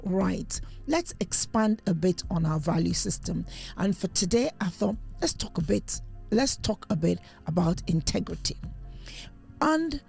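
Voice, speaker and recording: A woman's voice: medium pitch, creaky, warm tone, slightly rough. A woman co-hosting a podcast, telling news stories in a rambling casual chat with many restarts. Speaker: podcast co-host.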